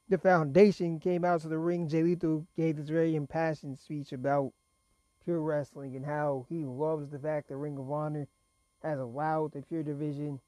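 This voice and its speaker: A wrestling show reviewer casually recaps results in a rambling, chatty way, fighting off a cough and laughing between points. His voice is a little high and mellow, and the recording is dry.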